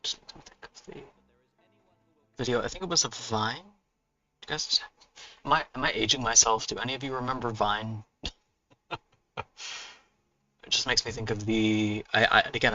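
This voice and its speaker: Bright-toned man chatting while he draws. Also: mid-range voice, normal speed, pauses often, lo-fi sound. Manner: chatty and self-mocking, muttering and whispering to himself as he works. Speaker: artist and author streaming his drawing. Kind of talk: casual live-stream chat while drawing.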